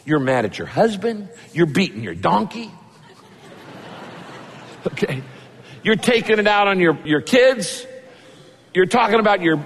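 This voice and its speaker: A man's voice: sits high, very animated, unhurried, long pauses, a bit bright. Male pastor preaching, echoing hall. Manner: conversational storytelling, emphatic, chuckles. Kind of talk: sermon.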